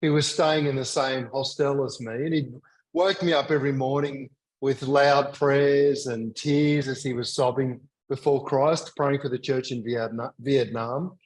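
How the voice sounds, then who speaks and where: A man with an Australian accent, speaking as a guest in a conversational interview, measured and thoughtful with some light humor. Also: medium pitch, steady tone, poor audio. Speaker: guest, mission leader and teacher.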